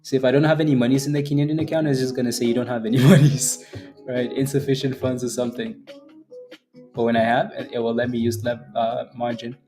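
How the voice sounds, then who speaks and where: A man's voice: mid-range voice, little pitch movement, fast, mellow, faint music behind. A man hosting a live day trading stream, chatting casually, laughing often and answering viewers by name. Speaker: day trading livestream host.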